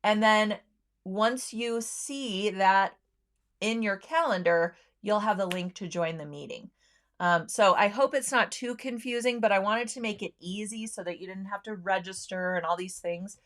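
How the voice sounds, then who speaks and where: A woman's voice: mid-range voice, unhurried, fairly bright tone. A woman hosting a sewing livestream, chatting casually with viewers, friendly, with lots of ums and easy laughs.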